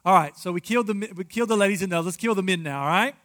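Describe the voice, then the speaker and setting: A man's voice: sits high, very fast, a bit bright. A man preaching a marriage sermon as pastor, emphatic and addressing the congregation directly.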